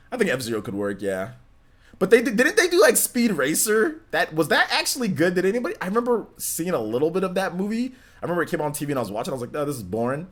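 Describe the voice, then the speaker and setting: A young man hosting a gaming livestream in casual chat, rambling and excitable, laughing often and answering questions from chat. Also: mid-range voice.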